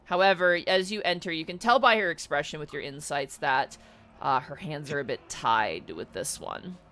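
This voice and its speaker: A man narrating as dungeon master in a tabletop game, telling the story in an animated way and giving the characters voices. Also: fairly high pitch, moderate pace.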